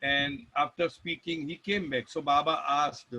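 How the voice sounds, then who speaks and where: A man's voice: fairly high pitch, flat delivery, measured pace, bright, forceful tone, poor audio. A man with an Indian English accent giving a rambling spiritual talk, telling stories with restarts and emphatic lists. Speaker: devotional speaker.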